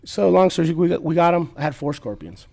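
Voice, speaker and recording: Fast-talking rambling man. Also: a little high, animated, gravelly, darkish tone. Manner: rambling, laughing, frequent restarts. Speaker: podcast guest telling stories. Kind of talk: casual storytelling.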